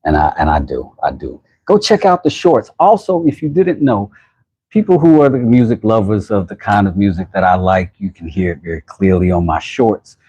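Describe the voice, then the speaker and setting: An American man hosting a casual livestream, rambling and laughing as he gives shout-outs to viewers from his workshop. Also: fairly low pitch, very animated, moderate pace, slightly rough. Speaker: channel host. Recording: dull lo-fi sound.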